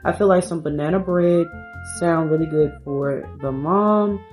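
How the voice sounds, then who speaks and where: A woman's voice: fairly low pitch, a little mellow. Chatty woman narrating her game. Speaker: gameplay streamer. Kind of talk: casual let's-play commentary.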